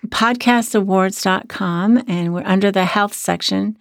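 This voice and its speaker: A hoarse woman co-hosting a podcast as a sex therapist, talking in an earnest, reflective way. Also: mid-range voice, a little slow, no room sound, studio quality. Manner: earnest, reflective, many restarts. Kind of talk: casual podcast chat.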